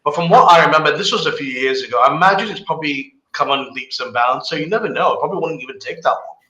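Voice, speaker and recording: A man chatting casually as a guest, relaxed and agreeable, with easy chuckles. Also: fairly high pitch, fast talker. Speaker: guest friend. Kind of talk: casual chat. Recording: echoey room.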